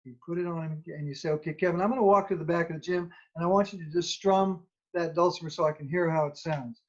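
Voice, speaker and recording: A man telling an animated anecdote as a children's musician, acting out the dialogue as he goes. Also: on the high side, quick pace. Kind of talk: storytelling anecdote. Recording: dull lo-fi recording.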